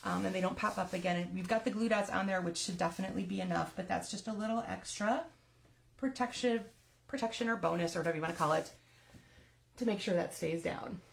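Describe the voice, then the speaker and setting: A woman's voice: medium pitch, fast, creaky. A woman leading a live card-making tutorial, chatty and step-by-step, sometimes laughing at her own slips.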